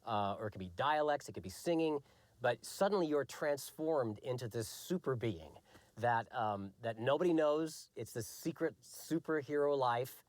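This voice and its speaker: A man's voice: medium pitch, animated, moderate pace, dry recording. A male voice actor explaining his work steadily in an interview. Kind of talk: reflective interview talk.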